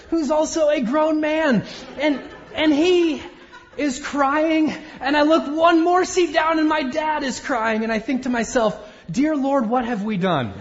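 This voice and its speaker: A man in his thirties delivers a sermon, mixing personal storytelling with self-deprecating humor. His voice sits very high for a man. The sound is slightly dull and carries a long hall reverb, like a church auditorium. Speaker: pastor.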